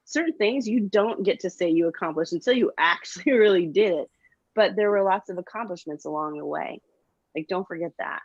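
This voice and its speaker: A middle-aged woman talks in a casual motivational chat with a fairly low voice. She is upbeat and encouraging, with lots of ums and likes. The sound is dry and a little muffled. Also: brisk, slightly rough, no room sound. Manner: upbeat, encouraging, many fillers. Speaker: co-host.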